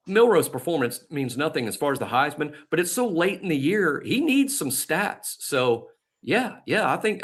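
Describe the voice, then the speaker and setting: This man's voice is a little high and a bit bright as he co-hosts a laid-back sports podcast. He wanders through stories and picks, laughing often and filling his speech with fillers and restarts.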